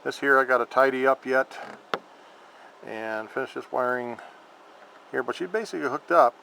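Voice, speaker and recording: A man filming a casual how-to vlog about his scooter, rambling and halting with lots of fillers. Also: mid-range voice, creaky, bright, forceful tone, slight background noise, rough recording. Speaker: vlogger showing a scooter horn install.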